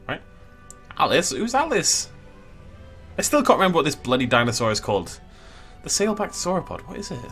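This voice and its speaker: Man, animated, bright, comic playthrough commentary. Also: a little high, fairly quick, long pauses, soft background music. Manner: playful, self-mocking, jumps between silly character voices. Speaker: gameplay commentator voicing characters. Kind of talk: comic game playthrough with improvised voices.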